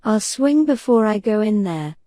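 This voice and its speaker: A woman voicing a stubborn male pirate in a soft bedtime audiobook reading, with a dogged, growling manner. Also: medium pitch, expressive, normal speed, no room sound, clean studio sound, natural voice. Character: stubborn male pirate who turns fearful.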